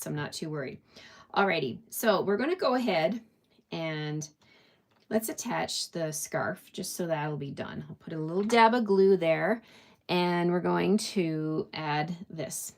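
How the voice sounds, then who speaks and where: A woman teaching a live online papercraft class, chatting through each step and checking in with her viewers. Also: on the low side. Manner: chatty, encouraging, laughs at her own slips; checks in often with "okay?". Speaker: papercraft instructor.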